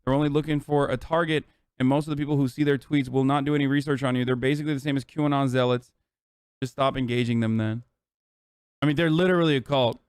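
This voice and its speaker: Clear-voiced man ranting profanely. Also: mid-range voice, fast talker, no echo. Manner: profane, exasperated, animated. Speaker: streamer. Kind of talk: casual reaction rant.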